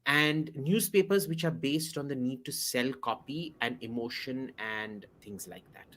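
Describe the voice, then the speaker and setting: A man's voice: mid-range voice, measured pace, a bit bright. A man appearing as a podcast guest, giving blunt, opinionated commentary and repeating words for emphasis.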